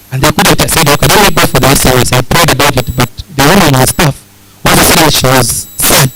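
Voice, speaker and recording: A man's voice: a little high, quick pace, over loud music, low-quality recording. A man preaching a sermon, telling a personal story with laughter and raised punchlines. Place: church hall.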